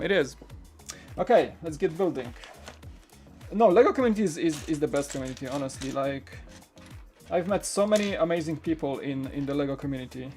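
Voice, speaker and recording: A man's voice: a little high, darkish tone. A man hosting a live-streamed LEGO build, talking in a chatty, rambling way and reading out the chat. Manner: chatty, rambling, with frequent restarts. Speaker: LEGO channel host.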